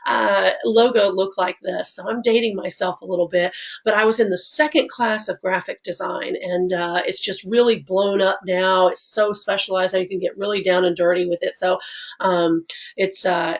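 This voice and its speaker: A woman's voice: medium pitch, creaky. A woman in her forties with a Southern US accent leads a live online class. Her nose is stuffed up from a cold, giving her voice a clogged sound. She talks in a friendly, rambling way, full of fillers and side tracks. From Alabama, USA. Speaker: online instructor.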